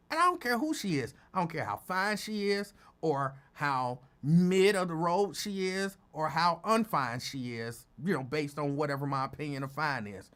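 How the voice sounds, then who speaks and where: A man hosting a casual talk show, telling stories in a loose, animated way, jumping high in pitch when he quotes people. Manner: animated, acts out quotes with big pitch jumps. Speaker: radio host. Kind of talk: casual storytelling chat.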